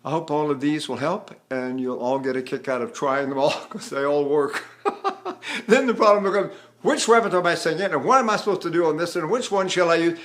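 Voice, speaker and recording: A man's voice: fairly high pitch, a little fast, a bit bright. An older man teaching a voice lesson with a trained tenor voice, talking animatedly and breaking into sung phrases. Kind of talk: vocal lesson with sung demonstrations.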